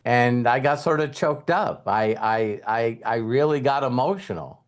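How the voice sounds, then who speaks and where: A middle-aged man giving a motivational talk, retelling a conversation with halting repeats and emotion. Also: mid-range voice. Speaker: network marketing trainer.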